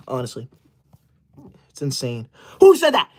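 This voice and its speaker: A man's voice: medium pitch, wildly swooping pitch, slow, full character voice. A man playing a self-righteous teacher's-pet livestreamer in a comedy skit, scolding his viewers indignantly. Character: smug young male teacher's-pet streamer, bossy. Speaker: livestreamer character.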